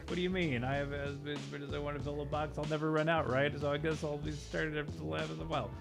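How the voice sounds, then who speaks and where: A man's voice: a little high, flat delivery, fast, vocal fry, music in the background. A man casually commenting on a dating game he plays, joking and wry, laughing often. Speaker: gamer playing a dating game.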